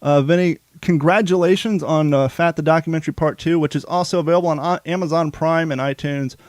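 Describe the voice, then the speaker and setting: A man's voice: fairly high pitch, fairly even intonation, quick pace, a little mellow, no echo, clean studio sound. A man co-hosting a podcast, talking casually and rambling with frequent restarts. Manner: rambling, self-interrupting. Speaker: podcast co-host.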